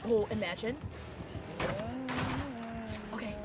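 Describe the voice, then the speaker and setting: A woman streamer giving live gaming commentary, excitable and playful, often squealing and laughing. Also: mid-range voice, slow, loud music behind the voice. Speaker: livestreamer.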